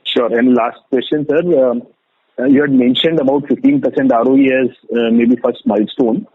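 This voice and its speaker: Brief: male analyst, husky voice, halting questions, tinny phone line. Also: medium pitch. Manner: hesitant, many fillers. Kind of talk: earnings call questions.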